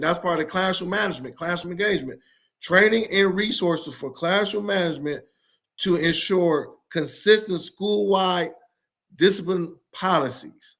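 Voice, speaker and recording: A man's voice: high voice, pushed and bright. A man giving an emphatic talk on school leadership, repeating his key points for stress. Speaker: education speaker. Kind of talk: passionate solo talk to camera.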